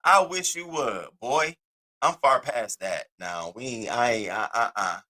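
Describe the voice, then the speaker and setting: A man hosting an online show, telling a story in a loud, profane, animated rant and acting out the other people's voices. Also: mid-range voice, a little slow. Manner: acts out the other voices in his stories. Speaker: host of an online news show. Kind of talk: casual livestream rant.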